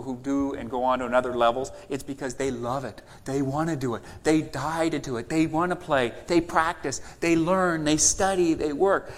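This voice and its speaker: A man's voice: medium pitch, big-room sound. A man, older, preaching a sermon with emphatic repetition and quoted voices. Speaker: pastor.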